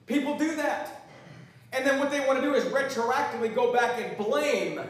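A man's voice: very high voice, normal speed. A man preaching a sermon, emphatic, swelling and dropping in volume as he quotes scripture, recorded from far off in an echoey church hall.

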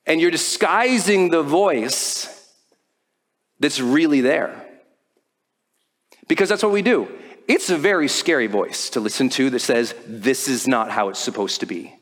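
Man, motivational speaker, animated storytelling, lively pitch, long reverb. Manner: animated storytelling, acts out quoted voices. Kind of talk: motivational talk to a live audience.

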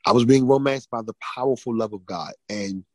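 A man on a podcast telling an emotional personal testimony, often restarting and repeating words, swinging between loud and hushed. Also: medium pitch, a little fast, no echo, low-quality recording. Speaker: podcast guest.

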